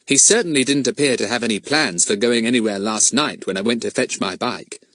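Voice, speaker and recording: A man voicing a clever, self-assured boy who leads a group of young sleuths, talking brisk and sure. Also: mid-range voice, fairly bright tone, dry recording, lightly acted. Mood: confident.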